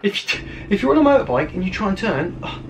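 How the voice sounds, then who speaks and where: A British man hosting his channel, giving excitable reaction commentary on crash videos and exclaiming at each clip. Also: high voice, fast talker, noisy background. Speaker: channel host.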